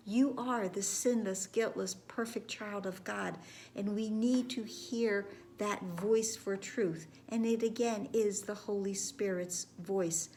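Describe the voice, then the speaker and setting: A woman giving a reflective spiritual lesson, speaking gently with repeated phrases and some words dropped to a whisper. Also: mid-range voice, steady tone, slow pace, a little hiss or hum. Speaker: spiritual course teacher.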